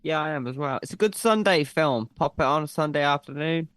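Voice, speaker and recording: A man's voice: a little high, fairly quick, fairly bright tone, dry recording. A man co-hosting a podcast. He talks about a film in blunt, casual chat and swears freely. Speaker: podcast co-host.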